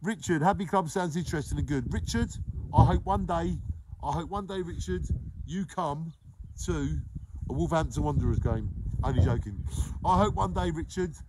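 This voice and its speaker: A man, hosting a daily live show and warmly giving repeated shout-outs to viewers by name. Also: a little high, normal speed, very noisy. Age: 40s. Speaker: live-stream host.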